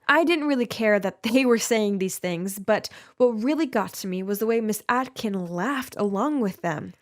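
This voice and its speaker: A young woman telling a first-person story in lively, expressive scripted narration. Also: fairly high pitch.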